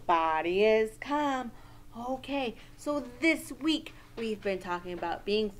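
A woman teaching a social-emotional lesson to young children in a slow, sing-song, exaggerated teacher voice. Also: a little high, animated.

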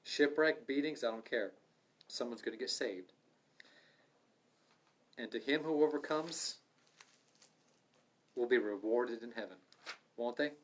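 Man, middle-aged, Bible study teacher, earnest, medium pitch, urging then hushed. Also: a little slow, long pauses. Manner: earnest, swings from loud urging to soft asides. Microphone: livestream microphone.

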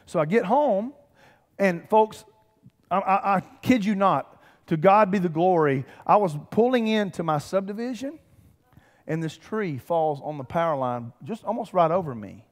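A man, preaching a lively, conversational sermon with humor and calls to the congregation. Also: high voice, normal speed. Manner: animated, conversational preaching with humor and audience call-outs. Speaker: pastor. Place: church sanctuary. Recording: church hall reverb.

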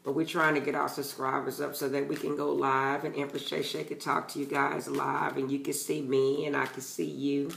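A man's voice: medium pitch, little pitch movement, moderate pace, vocal fry, few pauses, a bit bright, reverberant, slight background noise. A man giving a casual tarot reading to his channel's viewers, talking bluntly and emphatically and swearing freely. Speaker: tarot reader.

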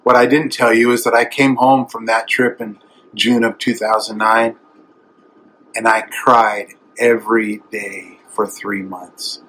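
A man's voice: mid-range voice, a bit bright, a little hiss or hum, rough recording. A middle-aged man preaching a sermon, speaking tenderly and with strong emotion that swells to emphatic. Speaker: evangelist.

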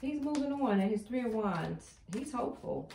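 A woman's voice: on the high side, animated, moderate pace, mellow, roomy sound, slight background noise. A woman giving a casual tarot card reading. She talks emphatically and keeps repeating her points with chatty affirmations. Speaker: tarot reader.

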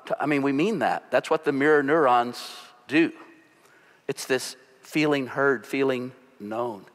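A man preaching a sermon as pastor, telling stories with animated delivery. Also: mid-range voice, a little slow. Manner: storytelling, animated. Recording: long hall reverb.

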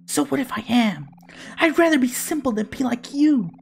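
A woman's voice: high voice, expressive, normal speed, gravelly, pitched above the performer's own voice. A woman voicing an earnest, indignant teen boy. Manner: indignant and pleading. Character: earnest, outspoken teenage boy. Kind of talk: reading game dialogue aloud.

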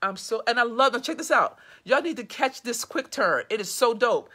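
A woman's voice: fairly high pitch, expressive, normal speed, sharp tone, husky. A woman reading her own story aloud and breaking off to gush and swear about her characters. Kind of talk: live reading with commentary.

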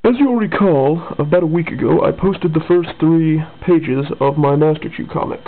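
A man casually reads his own comic aloud, drifting into rambling asides. His voice is fairly high and gravelly. It comes through tinny and phone-like. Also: moderate pace.

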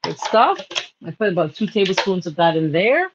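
A woman's voice: on the low side, very animated, moderate pace. A Bahamian woman hosting a live cooking show, chatting casually, laughing, and turning tearful and spiritual as she talks. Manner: emotional, laughing, spiritual asides. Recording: slightly dull audio with faint noise.

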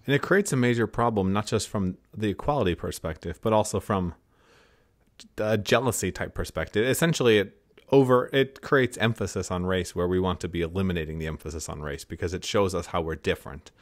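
A man's voice: low-pitched, brisk, no echo, studio quality. A man interviewing a guest, agreeing and building on his point.

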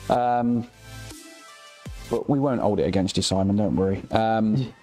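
A man's voice: on the low side, unhurried, mellow. A man with an English accent co-hosting a live prize draw, upbeat and teasing as he reads out questions and prizes. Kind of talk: casual banter. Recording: faint background music.

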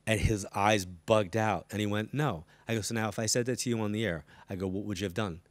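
A middle-aged man, a psychic medium guest, telling anecdotes in an animated way and acting out the dialogue, in a studio interview before a live audience. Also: fairly low pitch, quick pace, no room sound. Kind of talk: storytelling interview chat.

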